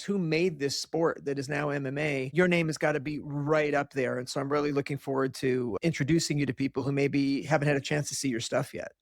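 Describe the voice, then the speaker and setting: A man's voice: a little high, vocal fry, no echo, clean studio sound. Eager male podcast host. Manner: enthusiastic, admiring questioner. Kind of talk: interview.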